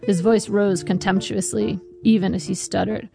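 A woman's voice: mid-range voice, steady tone, normal speed, gravelly. A woman narrating her memoir as a scripted audiobook, with a dry, wry storytelling manner. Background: faint guitar music.

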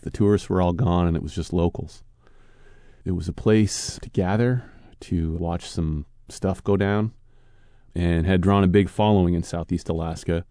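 A young adult man telling a personal story in a relaxed, casual way, with easy fillers. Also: deep voice, dry recording, clean studio sound. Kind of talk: personal storytelling over music. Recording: guitar music behind voice.

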